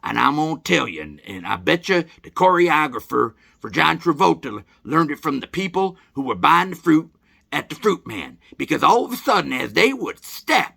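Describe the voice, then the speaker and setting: Folksy middle-aged male storyteller, rambling and animated, with a sharp, forceful edge to his gravelly voice. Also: on the high side, moderate pace. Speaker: host. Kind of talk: casual nostalgic storytelling.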